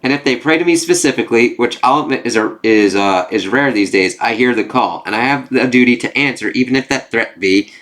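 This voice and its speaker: A man voicing an earnest male demigod hero who answers a prayer, reading the lines aloud with a lifted, steady voice. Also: medium pitch, fairly quick, few pauses, lightly acted.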